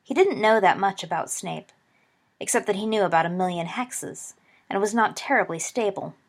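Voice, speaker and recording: A woman narrating a story aloud in a steady audiobook reading, giving the characters voices. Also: medium pitch, normal speed.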